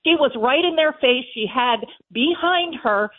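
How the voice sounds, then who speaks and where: A woman's voice: high-pitched, animated, a little slow. A woman calling in as a policy advisor guest, firm and indignant as she defends her view. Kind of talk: political talk radio guest. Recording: tinny phone line.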